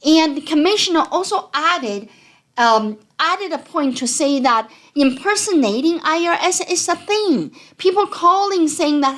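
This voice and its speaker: A woman accountant with a non-native accent, giving a conversational, animated talk to explain tax scams. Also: high-pitched, a little slow. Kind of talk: educational talk.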